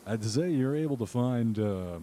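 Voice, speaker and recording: A man running a tabletop horror game, narrating scenes with many uh and um pauses. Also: medium pitch, animated, warm tone, slight background noise. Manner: rambling narration full of uh and um. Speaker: game master.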